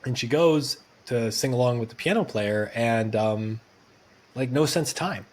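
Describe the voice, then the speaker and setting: Man telling animated studio stories. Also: medium pitch, unhurried, a little hiss or hum. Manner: animated storyteller, acting out quotes. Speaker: podcast guest, musician. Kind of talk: conversational storytelling.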